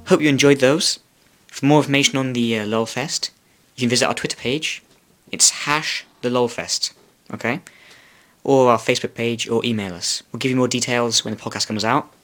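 A man's voice: medium pitch, steady tone, moderate pace, a bit bright. A man reading comic extracts from his own story aloud and closing with a podcast sign-off. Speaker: reader and podcast host.

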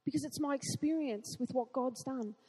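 A woman preaching a sermon in an earnest way, asking rhetorical questions and building to excited emphasis. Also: high voice, moderate pace, slightly rough, big-room sound.

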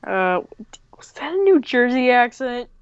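Slow-talking young woman on a dull lo-fi mic. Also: a little high, sing-song, clean tone, dry recording. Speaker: podcast co-host. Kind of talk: casual chat.

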